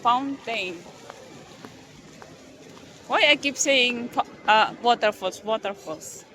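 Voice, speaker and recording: Her voice is a little high, bright and forceful, and she speaks slowly. Filming a family vlog amid a noisy crowd, the woman coaxes a small child, chats with her husband and laughs often.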